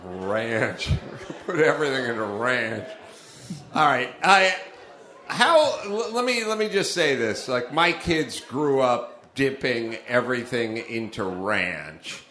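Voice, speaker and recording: A man's voice: medium pitch, animated, slow, pushed and bright. A middle-aged man from Los Angeles hosting a live comedy show, riffing and acting out the people he quotes. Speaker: podcast host. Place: comedy club stage. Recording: roomy live club sound.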